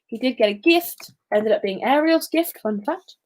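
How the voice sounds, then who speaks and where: A woman's voice: sits high, expressive, normal speed. Chatty, giggly young woman. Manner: chatty, giggly, self-deprecating asides. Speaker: quiz host. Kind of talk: casual livestream quiz chat.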